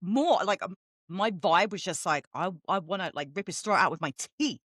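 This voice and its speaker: A woman co-hosting a casual book chat, swearing freely and telling animated stories. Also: on the low side, moderate pace, no echo, clean studio sound. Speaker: podcast co-host.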